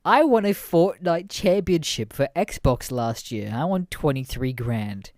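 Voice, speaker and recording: A man's voice: a little high, animated, a little slow, a little mellow, dry recording, clean studio sound. A man voicing a boastful teenage boy skater who talks in a casual, offhand, bragging way while retelling a podcast story.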